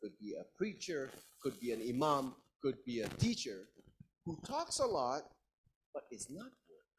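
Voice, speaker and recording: A man's voice: medium pitch, moderate pace, slight background noise, poor audio. A man lecturing a class in an interactive style, asking his audience questions. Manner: lively, engaging, asks the audience questions.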